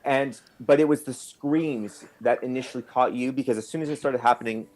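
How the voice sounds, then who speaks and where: A man's voice: medium pitch, darkish tone. A man narrating a tabletop role-playing game as game master, rambling, with fillers and restarts. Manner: rambling, with fillers and restarts, quickening in tense moments.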